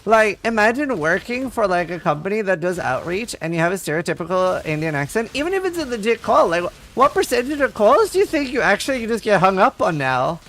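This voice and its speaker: A man's voice: high voice, very animated, fairly quick, hardly any pauses, fairly bright tone, a little hiss or hum. A man streaming a game and chatting casually with viewers, rambling and full of filler words. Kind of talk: casual livestream chat while gaming.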